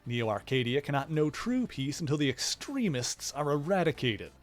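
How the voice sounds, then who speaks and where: A man's voice: a little high, big pitch swings, moderate pace. A man reading aloud the lines of a scheming hundred-year-old evil scientist from a video game, in a proclamatory way. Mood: proclaiming.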